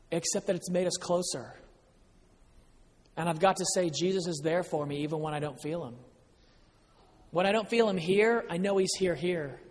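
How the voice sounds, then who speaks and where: Man with a high voice giving an earnest personal testimony, long echo of a big hall. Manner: earnest storytelling, moving between excitement and quiet emotion. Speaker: speaker sharing personal testimony. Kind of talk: personal faith testimony to an audience. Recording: long reverb of a large hall.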